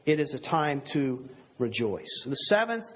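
A man's voice: mid-range voice, big pitch swings, a little slow, husky, lo-fi sound. A man preaching a sermon in an earnest, conversational way with rhetorical asides. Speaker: pastor.

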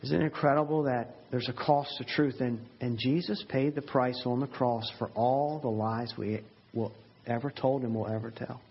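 Earnest preaching man, husky voice. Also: medium pitch, fairly even intonation, moderate pace, muffled recording. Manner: earnest, emphatic preaching with rhetorical questions. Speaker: pastor. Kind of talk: sermon.

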